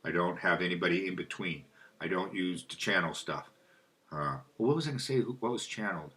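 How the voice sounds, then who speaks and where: Speaking fairly quickly, a spiritual video host with a very low but bright-edged voice rambles through a solo monologue. He loses his thread and finds it again, asking himself questions out loud and answering them.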